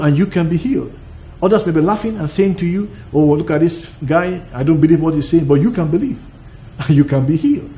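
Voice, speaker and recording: A man's voice: a little high, warm tone. A man preaching a broadcast sermon, emphatic and repetitive, stacking up short phrases with the odd laugh.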